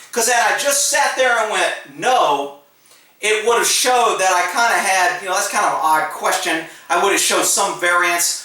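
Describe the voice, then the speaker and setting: High, bright-voiced man in an echoey room. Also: recorded from a distance. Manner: blunt, joking, acts out quoted exchanges with laughs. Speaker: former police officer. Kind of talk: casual storytelling monologue.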